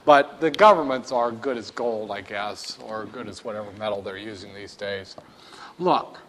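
A man's voice: on the low side, moderate pace, fairly bright tone, a little hiss or hum. A man giving a classroom finance lecture, wry and joking, acting out little scenes for his students.

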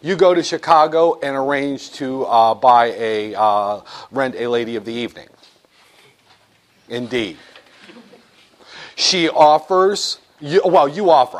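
Man, business law lecture, lively swooping pitch, jokey classroom asides. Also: measured pace, pauses often. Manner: animated, joking, acts out little scenes.

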